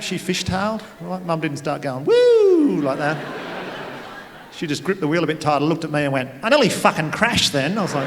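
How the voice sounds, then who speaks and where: A man with an Australian accent doing a stand-up comedy set on stage, telling stories with deadpan asides. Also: on the high side. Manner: laid-back storytelling with deadpan asides. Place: theatre stage at a comedy gala. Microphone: stage microphone. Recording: live hall with long reverb. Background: audience laughter.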